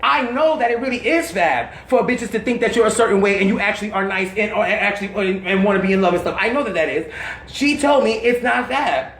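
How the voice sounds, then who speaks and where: A woman telling candid stories in an interview, blunt, slangy and animated, laughing often. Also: medium pitch, a little fast, reverberant, a little hiss or hum, poor audio.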